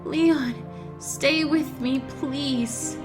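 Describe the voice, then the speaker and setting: A woman's voice: sits high, steady tone, extremely slow, over music. A woman voicing a young grieving queen in a storybook game, earnest and pleading.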